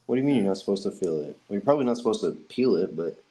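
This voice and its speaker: A man's voice: on the low side, expressive, racing, warm tone, slightly rough, poor audio. A man co-hosting a podcast, chatting casually and making dry, exasperated remarks. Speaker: podcast co-host. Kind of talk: casual chat.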